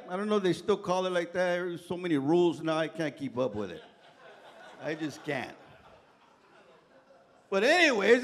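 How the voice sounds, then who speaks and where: Middle-aged male pastor with a high voice, preaching through loose, chatty personal anecdotes. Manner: casual, colloquial storytelling with frequent "man" and "right?". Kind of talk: sermon with humorous personal stories. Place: church sanctuary.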